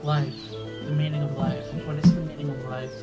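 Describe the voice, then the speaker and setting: A man's voice: a little high, flat delivery, fairly quick, lo-fi sound, over loud music. A man co-hosting a let's play in casual chat, hesitant and rambling with goofy jokes.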